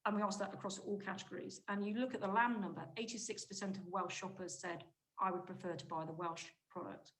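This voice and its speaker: A woman giving a conference presentation on shopper research, talking briskly and emphatically with frequent restarts mid-phrase. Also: mid-range voice, fairly bright tone, rough recording. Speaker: conference speaker, market insight director.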